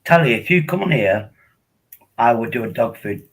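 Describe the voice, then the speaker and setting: A man's voice: mid-range voice, expressive, normal speed, a little hiss or hum, rough recording. An older man, chatting casually and rambling on a live stream from home at his laptop.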